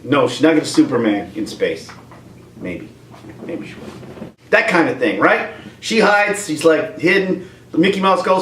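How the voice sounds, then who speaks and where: A man's voice: a little high, animated, a little slow, fairly bright tone, slight background noise. A man giving a rambling, comic rant at home, breaking into voices. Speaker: video creator. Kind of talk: comedic rant. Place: room at home with a dog. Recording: roomy, distant from mic.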